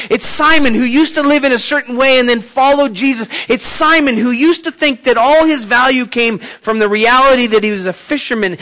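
A man preaching a sermon, retelling a story with sudden swings from quiet to loud. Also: extremely high pitch. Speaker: pastor.

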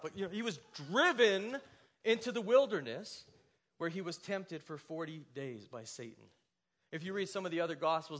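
A man with a fairly high voice preaches a sermon from the pulpit. He talks in a conversational way and slips into dramatic voices when he quotes scripture. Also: fairly bright tone. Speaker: pastor.

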